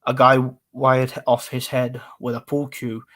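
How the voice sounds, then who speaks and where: A man's voice: mid-range voice, monotone, unhurried, fairly bright tone. A man, casually chatting on a live stream and answering comments in a rambling way. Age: 20s.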